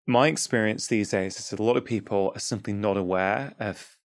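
Low-voiced reflective man interviewing. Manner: reflective, halting, repeats words. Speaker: podcast host. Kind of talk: interview conversation.

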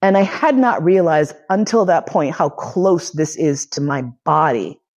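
A woman's voice: sits low, animated, a little slow, darkish tone. A woman in her forties giving a personal storytelling lecture, candid, profane and emotionally charged. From United States. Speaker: lecturer and podcast host.

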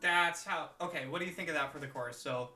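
A man's voice: a little high, fast talker, sharp tone. A man guest on a podcast, earnestly explaining chords and melody while workshopping a song. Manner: earnest, explains music theory. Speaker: guest musician. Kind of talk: casual songwriting chat. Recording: roomy and distant, guitar behind.

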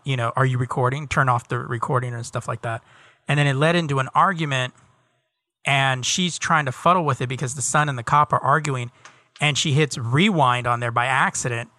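A man's voice: mid-range voice, normal speed, no room sound, studio quality. A man co-hosting a podcast, casually retelling a TV episode's plot with lots of fillers. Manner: relaxed storytelling with many fillers. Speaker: podcast co-host. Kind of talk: casual chat recapping a TV episode.

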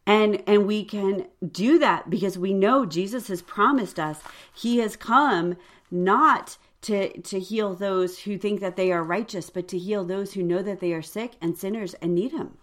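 A woman's voice: medium pitch, unhurried. A woman hosting a faith podcast, talking earnestly and conversationally with frequent fillers. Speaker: podcast host.

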